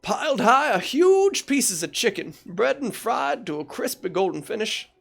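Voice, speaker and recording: A young woman streamer reading a dating game aloud in a playful, animated way, with casual asides. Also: mid-range voice, moderate pace, creaky, faint music behind.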